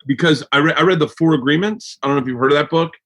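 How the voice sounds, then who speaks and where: A man's voice: fairly high pitch, rapid-fire, fairly bright tone. Rambling, profane podcast host man. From United States. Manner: rambling, profane, stammers and restarts. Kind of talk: casual chat.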